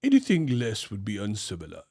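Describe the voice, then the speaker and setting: A man voicing a prim, overly formal little kid who speaks in a quiet, stiff, mock-posh way. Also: lowish voice, wildly swooping pitch, fairly quick, breathy edge, no echo, studio quality, voice pushed down, heavily acted.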